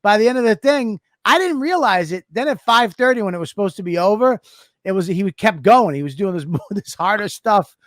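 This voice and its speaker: A man with a Boston accent telling a lively story in casual podcast chat, laughing as he goes. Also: sits high, fairly quick, no echo, clean studio sound. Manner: animated, laughs while telling stories. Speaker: podcast co-host.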